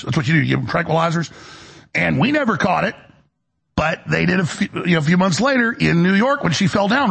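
A middle-aged man with a gravelly, raspy voice, hosting a heated, digressive political monologue. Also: a little high, sing-song, brisk, fairly bright tone. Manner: angry ranting, digressive, voice swings up when worked up. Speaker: talk show host.

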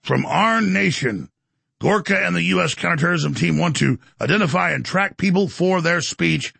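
Male talk radio host, bombastic, rapid-fire, raspy voice, pitched up. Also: animated, a bit bright, no room sound. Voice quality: gravelly. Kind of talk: fast-paced talk radio monologue.

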